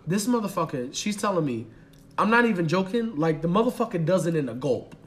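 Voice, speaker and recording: Profane, animated storytelling guy. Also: high-pitched, fairly quick. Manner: animated, profane, acts out the people in his stories. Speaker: podcast co-host. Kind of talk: casual storytelling chat.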